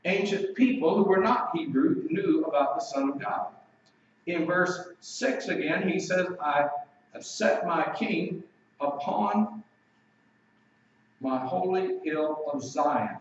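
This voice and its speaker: A male preacher with a slightly high voice gives an emphatic, animated sermon, slowing down when he reads scripture. The sound is very echoey and distant, dull and muffled, with a little hiss or hum.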